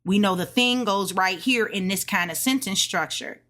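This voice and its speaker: A woman reviewing her own language lessons out loud, slowly repeating syllables and explaining them casually with lots of "like" and "okay.". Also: mid-range voice. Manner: slow and deliberate, repeating syllables to drill them.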